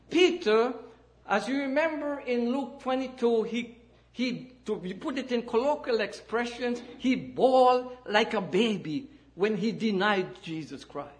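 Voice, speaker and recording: A man with a very high voice preaching a sermon in church. He swings between loud, rousing declarations and quieter, dropped phrases. He works the congregation with calls of amen and hallelujah. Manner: emphatic, rising and falling delivery with calls of amen and hallelujah.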